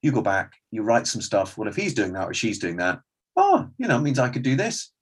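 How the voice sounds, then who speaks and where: A middle-aged man, a stand-up comedian and club owner, telling animated anecdotes in an interview and acting out the conversations he recalls. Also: medium pitch, a little fast, husky. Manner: animated storyteller, acts out quoted exchanges.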